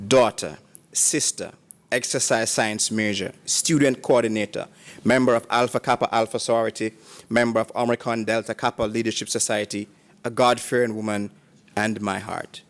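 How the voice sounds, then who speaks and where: A man at a graduation ceremony reading prepared tributes aloud, in a measured, formal manner and in short phrases. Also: fairly low pitch, steady tone.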